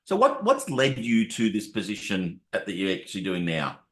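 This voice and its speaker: A man's voice: on the low side, wildly swooping pitch, normal speed, a bit bright, echoey room. A man hosting a casual interview, chatty and matey, calling his guest "mate". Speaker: podcast host.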